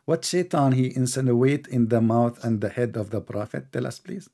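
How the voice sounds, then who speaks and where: A man's voice: mid-range voice, moderate pace, warm tone. Mocking man. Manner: mocking, interrupting, argumentative. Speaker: debate host. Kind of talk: live call-in debate.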